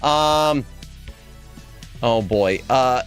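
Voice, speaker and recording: A man's voice: expressive, takes it slowly, a bit bright. A man streaming as a VTuber, chatting casually with his viewers in a rambling, self-correcting way, his throat strained. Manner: rambling, self-correcting, jumps to high squeaky exclamations. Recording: faint music behind the voice.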